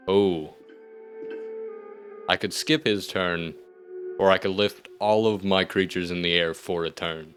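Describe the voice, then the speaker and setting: Deep-voiced man narrating his gameplay. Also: takes it slowly, long pauses, soft background music. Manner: thinks aloud, wry asides, sudden excited outbursts. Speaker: gaming video host. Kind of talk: let's-play commentary.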